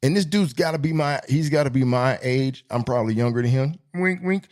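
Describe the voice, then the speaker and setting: A man's voice: medium pitch, steady tone, brisk, a little mellow. A man hosting a podcast, telling stories in a casual, rambling monologue and laughing at his own jokes. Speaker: podcast host.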